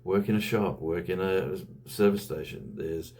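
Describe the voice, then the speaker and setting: Australian male YouTuber, low pitch, relaxed rambling delivery. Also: a little slow. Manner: rambling, conversational, with frequent fillers. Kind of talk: casual vlog monologue.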